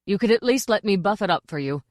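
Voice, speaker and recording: A woman's voice: mid-range voice, expressive, fast, no room sound, studio quality, close to an everyday voice. A woman voicing a blustering, over-zealous male castle sergeant in an audiobook. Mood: eager. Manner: loud, dim-witted, over-zealous.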